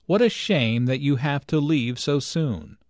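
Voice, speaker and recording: A male teacher explains everyday phrases slowly and patiently. His voice is a bit high with a lively rise and fall, recorded dry and close. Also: dry recording. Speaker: English teacher. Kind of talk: scripted narration.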